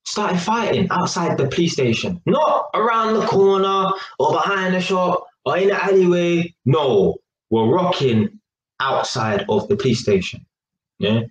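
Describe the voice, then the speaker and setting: A man's voice: high-pitched, animated, a little slow, dull audio. A young man with a London accent, telling a street story to camera in casual, slangy chat full of "innit" and "yeah". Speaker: vlogger. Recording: echoey room with faint noise.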